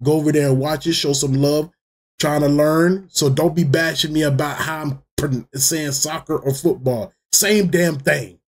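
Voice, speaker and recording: A man's voice: a little high, moderate pace. A man hosting a sports reaction video, talking casually, laughing and swearing as he reacts. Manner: excitable, laughing, swearing freely. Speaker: reaction channel host.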